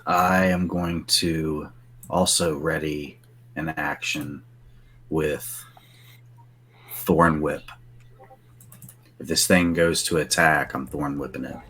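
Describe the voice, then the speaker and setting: A man's voice: extremely low pitch, steady tone, slow pace, pauses often, a bit bright. A man playing a tabletop game, chatting casually and joking with the group. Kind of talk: casual chat.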